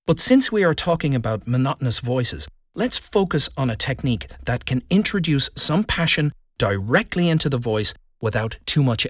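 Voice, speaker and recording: A man who coaches public speaking, giving a scripted lesson with deliberate stress on key words. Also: mid-range voice, no echo, clean studio sound. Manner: deliberate, emphatic delivery with stressed keywords. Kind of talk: scripted instructional narration.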